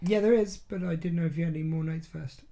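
A British woman hosting a podcast in casual chat, with a low, mellow voice. She is chatty and self-deprecating, and laughs at her own slips. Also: steady tone, fast. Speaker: podcast host.

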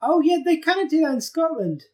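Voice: very high-pitched, very animated, fairly quick, darkish tone. A podcast host chatting casually, laughing and swearing freely. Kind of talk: casual chat.

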